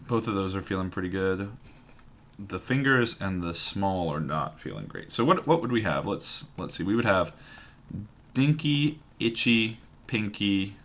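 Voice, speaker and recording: A man's voice: fairly low pitch, expressive, a little slow, a bit bright. A man thinking aloud while solving a word puzzle at his computer, musing and hesitant, trailing off and repeating words to himself. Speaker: puzzle game streamer.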